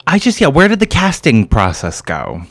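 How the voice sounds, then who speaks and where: A man co-hosting a podcast, chiming in with quick agreements and questions in casual chat. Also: on the high side, wildly swooping pitch.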